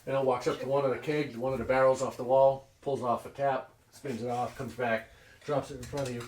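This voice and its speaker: A man narrating a tabletop game as game master, halting with many restarts and fillers. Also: medium pitch, flat delivery, darkish tone. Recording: echoey room from far off, noisy.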